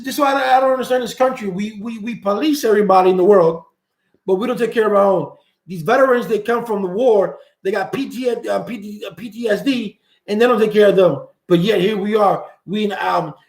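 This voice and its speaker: A man's voice: high-pitched, fast, echoey room, poor audio. A man hosting a live call-in chat, talking bluntly, swearing freely and repeating words as he thinks. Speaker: host.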